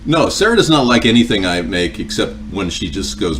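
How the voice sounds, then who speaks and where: A man's voice: lowish voice, animated, a little fast, fairly bright tone, recorded from a distance, a little hiss or hum. A man hosting a cooking livestream at home, chatting casually and joking with viewers in a rambling way. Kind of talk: casual chat answering viewer comments. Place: home kitchen.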